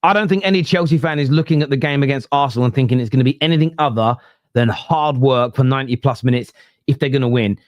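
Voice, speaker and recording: A man's voice: medium pitch, fast talker, no echo, dull audio. A man hosting a football fan podcast live, chatting frankly and reacting to viewer messages. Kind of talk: casual live-stream chat.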